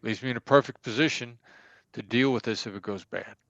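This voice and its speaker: A man's voice: mid-range voice, a little fast, fairly bright tone, no echo, highs cut off. A man, a negotiation expert, answering interview questions and acting out sample dialogue to make his points. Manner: emphatic, acts out example dialogue.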